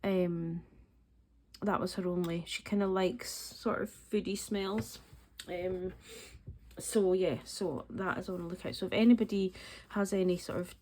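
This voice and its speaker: A woman's voice: on the low side, fairly even intonation, unhurried, darkish tone, rough recording. A Scottish woman in her forties, chatting casually and counting money aloud, rambling with lots of ums. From Scottish Highlands. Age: 40s. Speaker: budgeting vlogger. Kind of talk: casual chatty voice-over while cash stuffing.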